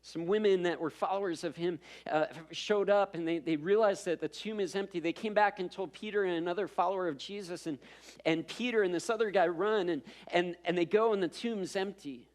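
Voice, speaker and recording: A man's voice: high voice, a little fast. A man preaching a sermon as pastor, telling a story in a conversational way with self-deprecating asides and repeated words as he builds up.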